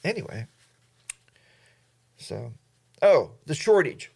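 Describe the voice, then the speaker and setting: A man's voice: lowish voice, very animated, a little slow, creaky, long pauses, a little mellow. A man hosting a casual livestream, reading viewer comments and rambling off topic. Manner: rambling, admits he goes off topic. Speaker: livestream host.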